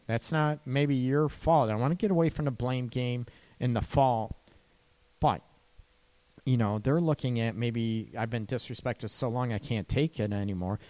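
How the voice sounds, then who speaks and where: A man's voice: mid-range voice, dark tone. A man hosting a relationship advice show, talking casually and often checking in with "right?". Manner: conversational, often asks "right?". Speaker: radio relationship advice host.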